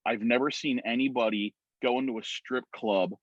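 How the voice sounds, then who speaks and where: A man telling an animated story on a video call, acting out the voices of other people. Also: mid-range voice, normal speed, dry recording. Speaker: guest. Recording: dry muffled video-call audio.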